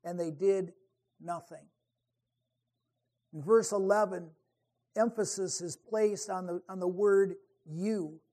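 A man's voice: high voice, takes it slowly, pauses often, warm tone. A male preacher teaching verse by verse from the Bible, earnest, often restarting phrases as he reads scripture aloud. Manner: earnest, with frequent restarts while reading scripture.

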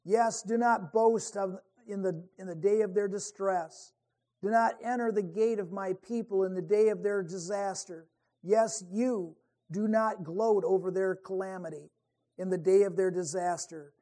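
A male preacher teaches the Bible verse by verse in a high-pitched, dark-toned voice with fairly even intonation and a slightly slow pace. He is earnest and frequently restarts phrases as he reads scripture aloud.

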